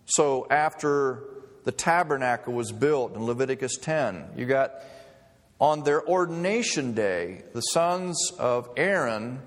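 A man's voice: mid-range voice, expressive, a little slow. Guy giving a sermon, chatty and joking, big church echo, medium voice. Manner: conversational preaching with humor. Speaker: pastor. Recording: long reverb of a hall.

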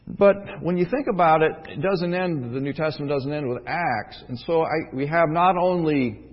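A man preaching a sermon as pastor, earnest and asking his listeners rhetorical questions. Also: mid-range voice. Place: church sanctuary. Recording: muffled sound in a reverberant sanctuary.

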